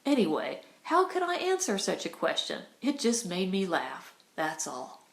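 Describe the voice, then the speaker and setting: A woman reading an audiobook, voicing a young, brawny Western man with a lower, husky voice and a mild, teasing manner, in a roomy, echoey recording. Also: wildly swooping pitch, a little slow, heavily acted. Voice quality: deeper and husky. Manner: mild, teasing and half sad. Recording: roomy echo.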